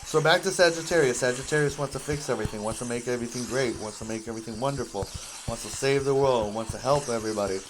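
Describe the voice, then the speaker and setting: Brief: man, mid pitch, loose rambling gameplay chatter, jokey, faint hiss behind. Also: fast talker. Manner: chatty and jokey, drifts between topics, apologetic asides. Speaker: gaming video host. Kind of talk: rambling casual commentary while gaming.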